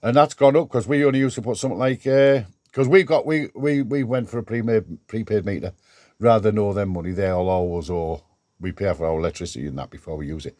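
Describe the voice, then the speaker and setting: A man's voice: on the low side, fast, a little mellow, no room sound. An older man vlogging from his garden shed workshop, rambling chattily with restarts as he talks to camera. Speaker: DIY vlogger. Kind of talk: casual vlog.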